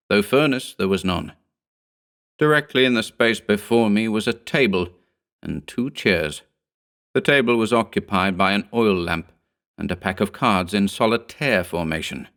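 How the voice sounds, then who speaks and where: A man with a fairly low voice reads a horror story aloud. His delivery is measured and steady, told in the first person. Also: clear, resonant tone. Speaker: audiobook narrator. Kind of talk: scripted horror narration.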